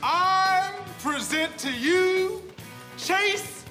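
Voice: very high-pitched, drawn-out words, sharp tone, soft background music, heavily acted. A performer voicing a showy cartoon arena announcer who stretches out grand, sing-song introductions. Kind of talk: cartoon voice acting.

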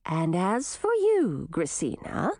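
A woman's voice: fairly low pitch, huge pitch swings, mellow, dry recording, heavily acted. A woman voicing a composed queen who firmly scolds her two daughters. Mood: stern. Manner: firm, measured.

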